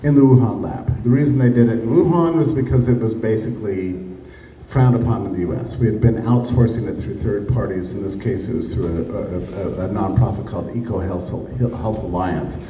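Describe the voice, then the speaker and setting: A man's voice: on the low side, brisk, warm tone. A man giving a public talk in an emphatic, sarcastic way, with rhetorical asides to his audience. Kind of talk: public lecture. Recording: echoey room, heard from a distance, faint noise.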